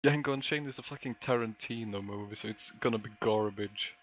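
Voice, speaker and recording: A man's voice: lowish voice, brisk, fairly bright tone, rough recording. A man co-hosting a casual podcast, teasing and exasperated, laughing often as he pushes back in a film argument. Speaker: podcast co-host.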